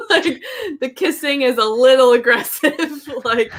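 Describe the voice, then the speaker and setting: A woman's voice: sits high, unhurried, fairly bright tone. A woman co-hosting a podcast in casual chat, laughing often and gushing with lots of "like.". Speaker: podcast co-host.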